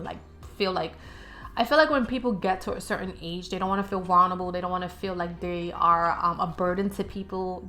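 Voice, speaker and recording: A woman's voice: medium pitch, pushed and bright. A woman, a life coach, telling a personal story in a casual, chatty way full of fillers. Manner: chatty, filler-heavy, with many likes and you-knows.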